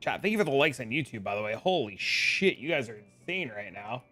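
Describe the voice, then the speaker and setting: A man's voice: medium pitch, animated, quick pace, a bit bright, soft background music. A young man streaming a game, chatting loosely with viewers in slangy, casual talk. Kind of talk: casual live-stream chat.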